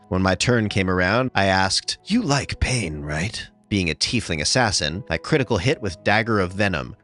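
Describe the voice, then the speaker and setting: A man narrating tabletop game stories in a scripted, even reading. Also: lowish voice. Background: faint music.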